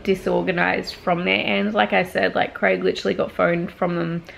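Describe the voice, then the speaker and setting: A woman's voice: fairly low pitch, flat delivery, normal speed, creaky. A young woman vlogging, upset and frustrated, venting about her week with a teary voice after crying. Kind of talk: casual personal vlog.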